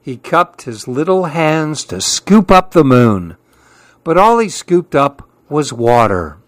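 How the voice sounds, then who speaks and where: A man reading children's stories aloud in a slow, gentle, expressive way. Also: fairly high pitch, no room sound. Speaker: storyteller. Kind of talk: children's story read-aloud.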